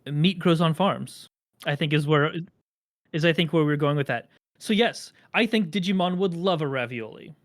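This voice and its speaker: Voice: mid-range voice, moderate pace. A podcast host chatting casually, rambling through explanations with dry jokes.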